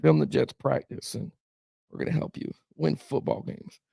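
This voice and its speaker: A man putting on a gruff older football coach who mutters low and flat under his breath. The voice is dry and close, with a gravelly edge. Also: moderate pace, no echo. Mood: scheming.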